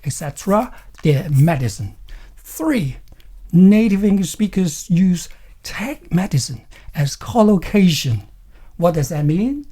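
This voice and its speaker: A man's voice: high voice, mellow, breathy edge. A man teaching an English lesson, acting out example phrases to show intonation and often adding "you know" and "okay".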